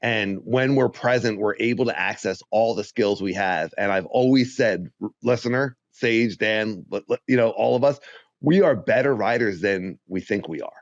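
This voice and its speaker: A man's voice: fairly low pitch, normal speed, no room sound. Chatty man on a dull dry podcast mic. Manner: rambling, many restarts, upbeat. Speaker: podcast co-host. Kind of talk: casual podcast chat. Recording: slightly dull, dry sound.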